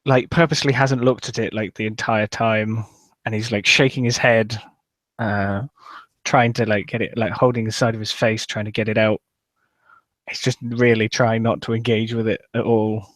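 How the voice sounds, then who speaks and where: A man's voice: lowish voice, level tone, normal speed, a bit bright, dry recording. Rambling male player in a dry room. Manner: rambling, describes his character's actions. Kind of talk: casual tabletop role-play.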